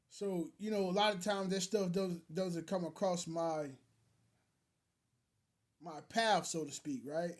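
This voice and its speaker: A man's voice: high-pitched, darkish tone. A man hosting a casual reaction video, rambling with many fillers and restarts, calling his viewers brothers. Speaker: commentary video host.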